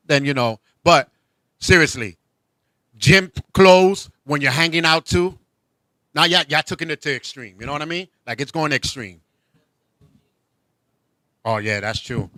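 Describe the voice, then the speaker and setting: A man hosting a casual comedy talk show, joking and animated, laughing often. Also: medium pitch, dry recording. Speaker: host.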